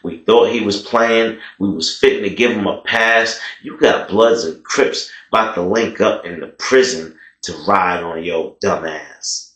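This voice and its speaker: A man voicing angry male gang inmates who speak low and menacing. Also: unhurried, a bit bright. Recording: echoey room.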